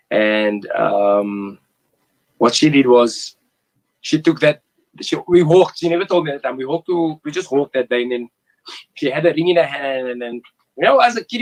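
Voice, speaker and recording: A man's voice: medium pitch, poor audio. A man in his forties tells an earnest, heartfelt story as a guest in a casual interview. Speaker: former goalkeeper, interview guest.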